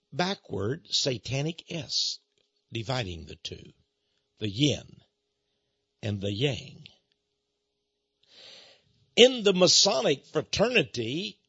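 Gravelly man telling stories. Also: a little high, no echo. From Austin, Texas. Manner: animated, emphatic, with dramatic pauses. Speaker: speaker on Freemasonry. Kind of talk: storytelling lecture. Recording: dull, dry lo-fi recording.

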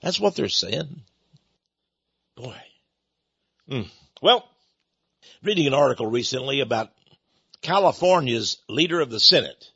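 Folksy man, lively husky voice. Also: medium pitch, a little slow, long pauses, no echo, lo-fi sound. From East Texas. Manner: folksy, rambling, sarcastic, chuckling asides. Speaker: radio talk host. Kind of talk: opinion commentary monologue.

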